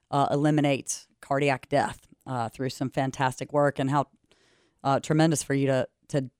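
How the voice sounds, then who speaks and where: A male radio host with a smooth, resonant voice, pitched a little above average. He praises and promotes his guest with enthusiasm. The studio sound is close and dry. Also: no echo. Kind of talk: radio interview.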